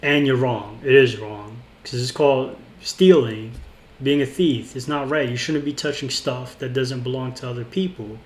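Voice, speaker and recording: A man's voice: medium pitch, normal speed. Rambling indignant man in a roomy space. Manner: rambling, indignant, with frequent restarts and fillers. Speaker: vlogger. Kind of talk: casual storytelling monologue. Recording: roomy with faint ambience.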